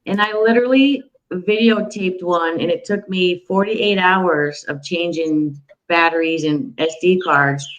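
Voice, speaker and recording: A woman guest in a casual video-call chat, plainspoken and lively when explaining. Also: on the low side, measured pace, hardly any pauses, rough recording.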